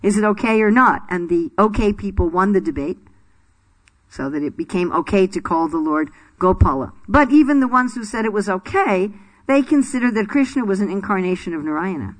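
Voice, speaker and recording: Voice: medium pitch, expressive, brisk. A spiritual teacher telling a sacred story to a class in a loose, chatty way. The teacher laughs often and stops to quiz the listeners. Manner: chatty, laughing, quizzes the audience.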